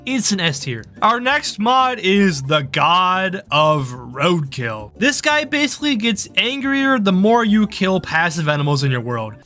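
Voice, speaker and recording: A man's voice: high voice, big pitch swings, measured pace, few pauses, pushed and bright. A young man, a gaming video host, ranking mods in casual, upbeat commentary and swearing when something startles him. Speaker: gaming YouTuber. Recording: faint background music.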